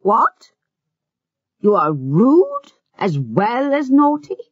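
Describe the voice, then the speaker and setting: A woman's voice: mid-range voice, wildly swooping pitch, slow, husky, dry recording, pitched above the performer's own voice, heavily acted. Woman voicing a scolding stern governess. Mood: angry. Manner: sharp, scolding. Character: stern, strict middle-aged governess. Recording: muffled with faint music.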